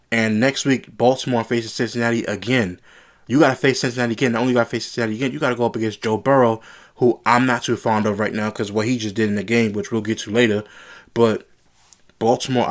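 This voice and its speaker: A man's voice: mid-range voice, fairly even intonation, quick pace. A man giving a casual, frustrated sports reaction, often repeating himself as he gets worked up. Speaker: sports commentary vlogger.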